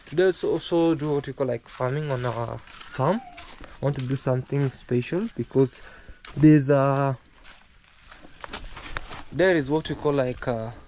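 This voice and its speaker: A man's voice: medium pitch, measured pace, pauses often, mellow, slight background noise. A man vlogging outdoors as he walks his home farm, talking in a loose, rambling way with many fillers and repeated phrases. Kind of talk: casual walk-and-talk vlog.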